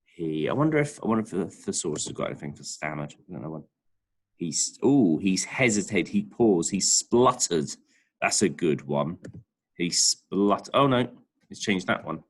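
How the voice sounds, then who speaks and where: A man's voice: deep voice, very animated, moderate pace, breathy edge. A male primary school teacher, chatting and thinking aloud as he writes a lesson. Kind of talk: remote writing lesson.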